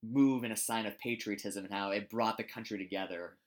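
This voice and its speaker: A man's voice: on the low side, steady tone, fairly quick. A man co-hosting a casual sports talk show, rambling and searching for words with frequent restarts. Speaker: co-host.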